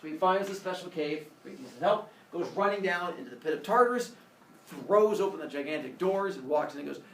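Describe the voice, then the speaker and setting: Guy retelling a myth all goofy and chatty, gravelly voice, echoey room, kinda far from the mic. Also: fairly high pitch, fairly quick. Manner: lively, playful, lots of voices and fillers. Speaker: storyteller. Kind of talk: casual comic retelling of a myth. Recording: echoey room, distant mic, faint noise.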